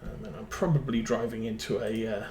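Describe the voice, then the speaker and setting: A man's voice: on the low side, fairly even intonation, fairly quick, noisy background. A man streaming a farming game, telling rambling anecdotes full of ums as he plays. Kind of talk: casual chat while playing a farming game. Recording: roomy echo.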